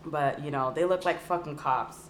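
Low-voiced woman telling a profane story. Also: moderate pace, slight background noise. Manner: profane, animated storytelling with acted quotes. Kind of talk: casual chat.

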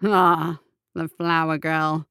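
A woman's voice: sits low, flat delivery, takes it slowly, creaky, pushed and bright, smooth, dry recording, exaggerated voice. A woman voicing a vain, pompous male guild officer in a storybook, speaking in a dry, haughty drawl.

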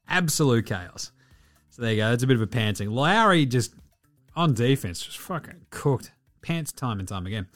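Sweary, animated male podcast host. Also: on the high side, normal speed, soft background music. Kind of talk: casual sports talk.

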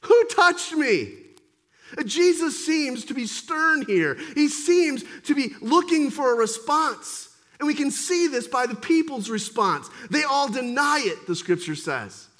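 A man delivers a sermon as pastor. His voice sits very high and is lively, rising to forceful emphasis and then dropping to quiet intensity. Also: unhurried, few pauses. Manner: animated preaching, swings between forceful emphasis and quiet intensity.

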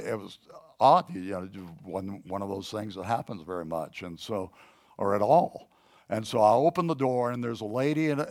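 A middle-aged man with a gravelly, creaky voice at an ordinary pitch gives a sermon. He moves from teaching into a personal story and keeps it loose and conversational, stopping and restarting often. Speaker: preacher teaching a class.

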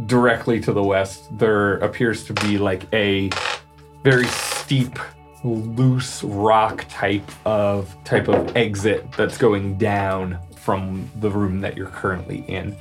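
A man's voice: lowish voice, steady tone, slow, music in the background. A man running a tabletop game as game master, describing the scene in a loose, casual way with fillers and restarts. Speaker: game master and podcast host.

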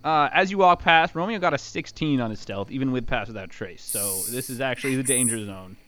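A man narrating as game master of a tabletop game, casual and laughing, breaking into quick character voices. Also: medium pitch, a bit bright, a little hiss or hum.

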